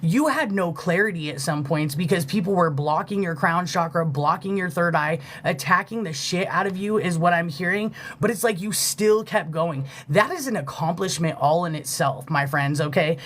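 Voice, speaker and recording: Speaking with hardly any pauses, this live-stream spiritual reader has a medium-pitched, slightly bright voice and a moderate pace. The delivery is casual and heartfelt, with free swearing and many fillers, broken by thanks to viewers for their gifts during the reading.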